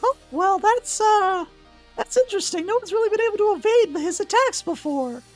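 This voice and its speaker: A man voicing a cocky young male Pokémon trainer in an exaggerated, very high, shouty voice with brash, boastful calls. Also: lively intonation, moderate pace, faint music behind.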